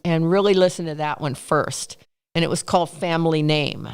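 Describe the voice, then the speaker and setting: A woman chatting on a podcast, her voice smooth and clean. She tells long stories in an animated way. When she quotes other people she lifts her voice high. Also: moderate pace. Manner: animated storyteller, acts out quotes in raised voice. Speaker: guest telling stories. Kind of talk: casual storytelling in a podcast interview.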